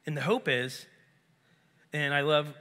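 A man preaching a sermon as pastor, earnest and emphatic, his throat a little clogged so he keeps clearing it. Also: a little high, measured pace, bright, forceful tone. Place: church sanctuary. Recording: long reverb of a large hall.

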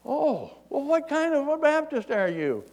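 A man playing a shouting zealous Baptist pastor. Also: very high voice, big pitch swings, unhurried, voice pushed up, exaggerated voice. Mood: eager yelling. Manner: yelling, eager interrogating. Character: zealous male Baptist pastor yelling upward.

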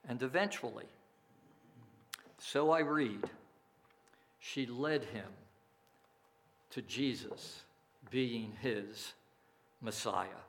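A male pastor delivers a sermon at an unhurried, measured pace. His voice sits in a middle pitch, and he leans on key phrases with emphasis. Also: gravelly, a bit bright. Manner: slow, deliberate preaching with emphatic phrasing.

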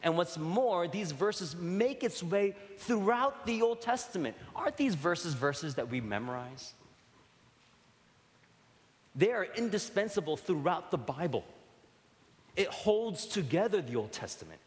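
A man preaching a sermon in a conversational way, asking rhetorical questions and dropping to soft, tender tones. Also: high-pitched, sing-song, unhurried. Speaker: pastor. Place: church sanctuary. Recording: long hall reverb.

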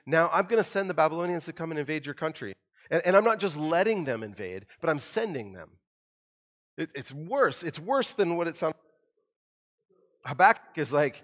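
A middle-aged man preaching a sermon in a church, conversational and animated, acting out the quoted lines with rising emphasis. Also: fairly high pitch, normal speed. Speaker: pastor.

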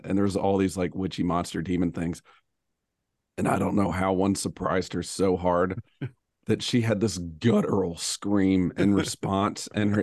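A man with a somewhat low, slightly hoarse voice, chatting on a podcast. He tells his stories in a rambling, laughing way. The sound is dry and close. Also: a little mellow, no room sound. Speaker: podcast co-host. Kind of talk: casual podcast chat.

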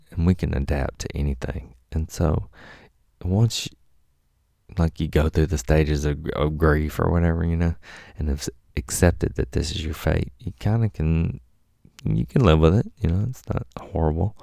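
In a dark, mellow voice that's deep and gravelly, a man spins a meandering, foul-mouthed story and voices the people in it. The recording is close and dry.

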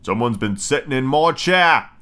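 A man voicing a great big bear in a storybook reading, slow and rough. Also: mid-range voice, animated, pushed and bright. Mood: gruff.

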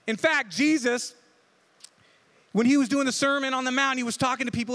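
A pastor with a notably high voice preaches in a relaxed, conversational way, often tagging his points with a quick "right?" to check in. A long reverb tail makes him sound as if heard across a large hall.

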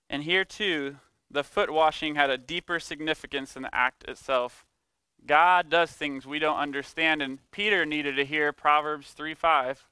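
A man preaching a sermon, emphatic, slowing down to stress key words and acting out quoted speech. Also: fairly high pitch, steady tone, sharp tone, clear, resonant tone, dry recording. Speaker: pastor.

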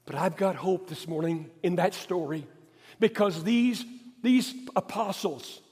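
A male pastor with a high voice preaches a sermon, repeating phrases and pressing hard on key points before dropping quiet. His voice rings out with a long reverb, as in a large hall. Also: measured pace, husky. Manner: emphatic and repetitive, rising to stress points, then dropping quiet.

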